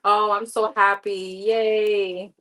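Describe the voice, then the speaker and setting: A woman's voice: medium pitch, level tone, slow, fairly bright tone, poor audio. A woman giving live tarot readings in a candid, chatty way, talking straight to her viewers. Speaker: tarot reader.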